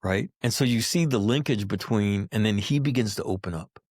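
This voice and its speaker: A man's voice: fairly low pitch, a little fast, darkish tone, no room sound, studio quality. A middle-aged man, a veteran guest on a podcast, tells emotional personal stories in a blunt, profane way, often checking in with "right?" and "you know".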